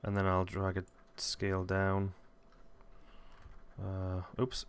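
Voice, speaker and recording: A man hosting a casual software tutorial, rambling and correcting himself as he thinks aloud. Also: low-pitched, completely flat delivery, takes it slowly, clear, resonant tone. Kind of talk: casual screen-recorded tutorial.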